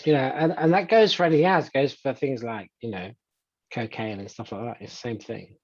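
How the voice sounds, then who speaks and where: A man's voice: mid-range voice, a little fast, a little mellow, breathy edge, lo-fi sound. A man talking casually as an interview guest, full of "you know" fillers and restarts. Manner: chatty, many "you know" fillers and restarts, acts out quoted voices. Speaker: hypnotist guest. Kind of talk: conversational interview answers.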